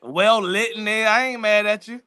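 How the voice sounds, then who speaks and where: High bright teasing male co-host. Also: clear, resonant tone, no echo, studio quality. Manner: excitable, teasing, quick to laugh. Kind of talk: casual live show banter.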